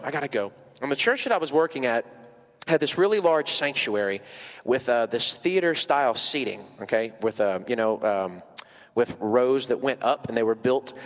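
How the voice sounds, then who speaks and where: A man in his thirties preaching a sermon in a church sanctuary, telling a personal story in a chatty way with lots of fillers, his voice climbing high when he gets emotional. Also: in a large hall. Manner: conversational, many fillers, rises high and emotional at peaks. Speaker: pastor.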